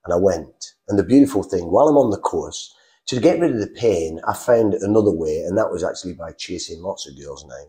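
Guy, middle-aged, lower mellow voice with a very lively pitch, storyteller acting out conversations. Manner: animated, acts out dialogue with quick voice shifts. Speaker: interview guest sharing a faith testimony.

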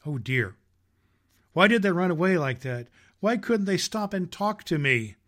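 A man voicing a shy, longing little toy velveteen rabbit in a high, pleading voice. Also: expressive, a little slow, fairly bright tone.

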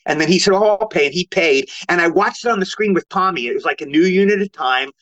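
A man's voice: a little high, fast. An older man, a guest actor, telling stories in casual talk and acting out what others said in a raised voice. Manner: animated, quotes others in raised voice. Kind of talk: casual storytelling. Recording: lo-fi remote audio.

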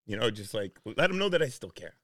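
A man's voice: fairly low pitch, very animated, quick pace, a bit bright, no echo, clean studio sound. A man co-hosting a casual podcast, easygoing and agreeable, often saying yeah. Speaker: podcast co-host.

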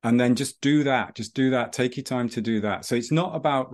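A man's voice: medium pitch, a little fast, a little mellow. A man chats on a podcast about coaching runners. His mid-range voice wanders through anecdotes, circling back and restarting as he goes. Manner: storytelling, rambling with restarts. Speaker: breathing and running instructor. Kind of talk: casual podcast chat.

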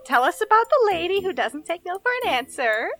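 Playful woman player, lively voice. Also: very high voice, brisk, faint music behind, poor audio. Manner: eager, playful. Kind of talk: tabletop game chat.

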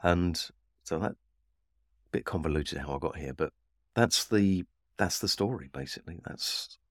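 Very deep-voiced man telling his story. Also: dry recording, studio quality. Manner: reflective, unhurried storytelling with frequent restarts. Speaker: Havening trainer. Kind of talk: personal story told in an interview.

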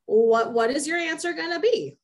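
A horse program specialist in her young adult years co-hosts a relaxed podcast with a high voice at normal speed. She laughs often, speaks with emphasis and repeats words as she thinks, all on poor-quality audio.

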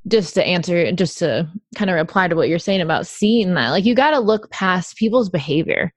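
A woman chats in a loose, rambling way, leaning on fillers and breaking into quick laughs. Her voice sits a little low. The recording is dry and close, with no room sound. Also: lively intonation, no echo. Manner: chatty, filler-heavy, laughs often. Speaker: guest, tapping practitioner. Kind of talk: casual podcast conversation.

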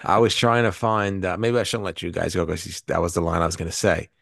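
Man, podcast co-host, deep voice, rambling, restarts often, dry sound. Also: little pitch movement, fast talker, creaky, fairly bright tone, no echo. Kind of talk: casual movie review chat.

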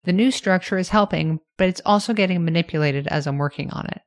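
A woman hosting her own podcast, talking through her plans in a candid, self-reflective, measured way. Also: on the low side. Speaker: podcast host. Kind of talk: reflective solo podcast monologue.

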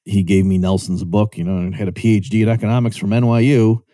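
A man's voice: flat delivery, quick pace, warm tone, no echo, studio quality. A man giving a conversational explanatory lecture, checking in with listeners and lifting his voice to act out quoted remarks. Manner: chatty, checks in with rhetorical "right?"; acts out quoted voices with lifted pitch. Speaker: economics lecturer.

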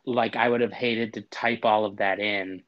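A man's voice: on the low side, fairly even intonation, normal speed. A man casually telling a story, acting out both sides of a frustrating phone call with exasperated humor. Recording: dull lo-fi audio.

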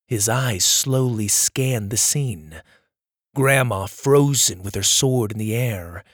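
A man reading a children's adventure story as its narrator, in a measured and dramatic storytelling manner. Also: lowish voice, animated, no echo, studio quality.

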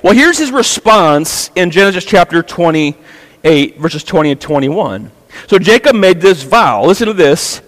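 A man's voice: sits high, sing-song, a little slow, a bit bright, big-room sound, poor audio. A male pastor preaching a sermon and retelling a Bible story in a casual, chatty way. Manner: casual storytelling, acting out the characters' lines. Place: church sanctuary.

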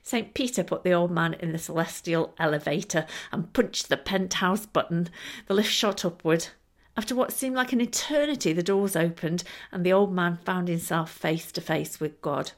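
A woman's voice: fairly low pitch, moderate pace. A woman hosting a storytelling podcast, narrating expressively and laughing now and then. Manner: lively, expressive, laughing between lines. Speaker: storyteller and show host.

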